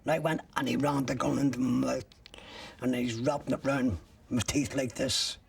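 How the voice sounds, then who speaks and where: Older man, gravelly, blunt, graphic storytelling, set back from the mic. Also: mid-range voice, steady tone, normal speed, far from the mic. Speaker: interviewee. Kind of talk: recounting a personal ordeal.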